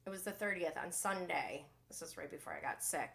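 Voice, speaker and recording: A woman hosting a casual live recap show, chatting in an animated, gossipy way and reading viewer comments aloud. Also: fairly low pitch, a little fast, creaky. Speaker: podcast host.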